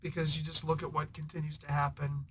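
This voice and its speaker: A man hosting a comic book review, rambling in a casual, irritated way with sarcastic asides and frequent throat clearing. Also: on the high side, monotone, fast talker, a bit bright.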